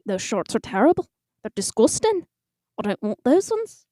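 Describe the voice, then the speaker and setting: A grumbling mutterer with a deliberately bad mock Irish-Scottish accent, put on by a woman. The lilt lurches up and down as she complains under her breath. The sound is close and dry. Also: a little high, very animated, warm tone, no room sound.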